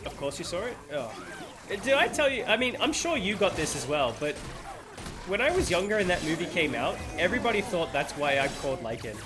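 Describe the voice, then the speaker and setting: A man's voice: sits high, sing-song, a little fast. A man chatting live while streaming a game, rambling playfully and laughing at himself. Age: adult. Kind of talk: live gameplay chat. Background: game music.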